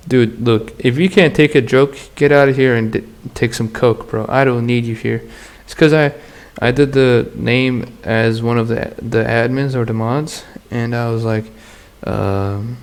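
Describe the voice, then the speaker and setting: A man hosting a solo podcast, drifting from one thing to the next in loose, crude slang and laughing as he goes. His voice has a gravelly, fried edge and sits at an ordinary middle pitch. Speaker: podcast host. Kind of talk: casual solo podcast monologue.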